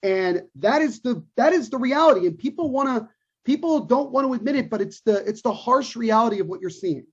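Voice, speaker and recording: A man with a husky, breathy edge holds forth on a sports podcast, emphatic and opinionated. He hammers his points home by repeating them. The sound is muffled and lo-fi. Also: very high-pitched, expressive, fairly quick. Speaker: podcast co-host. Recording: dull lo-fi recording.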